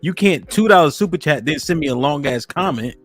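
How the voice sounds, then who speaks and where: A man's voice: fairly high pitch, animated, a little fast, over music. A male host reading viewer comments on a live stream in a casual, joking way. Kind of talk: live stream talk show.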